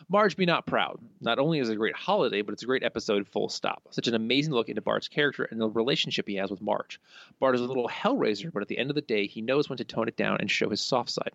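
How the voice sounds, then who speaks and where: A man reads listener messages on his podcast in a relaxed, chatty way. He adds little asides between them. The recording is dry and a little muffled. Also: medium pitch, quick pace, creaky, dry recording. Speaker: podcast co-host. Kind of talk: casual podcast chat reading listener answers. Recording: dull, slightly lo-fi dry sound.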